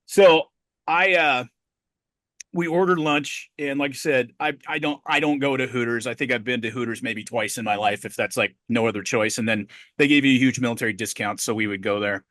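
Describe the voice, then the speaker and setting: A middle-aged man co-hosting a podcast, telling a story in a profane, animated way. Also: medium pitch, brisk, dry recording, clean studio sound. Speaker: podcast co-host. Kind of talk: casual podcast chat.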